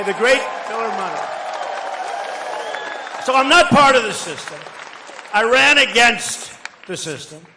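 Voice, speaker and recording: An older man giving a rambling, boastful campaign rally speech, conversational with sudden loud bursts. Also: high-pitched, slight background noise. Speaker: political candidate at a rally. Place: large outdoor rally crowd. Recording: echoey rally PA with crowd ambience.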